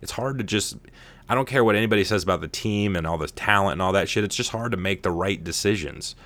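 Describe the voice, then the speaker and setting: A man's voice: on the low side, fast talker, fairly bright tone. A man hosting a casual sports podcast, ranting and swearing in exasperation. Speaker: podcast host.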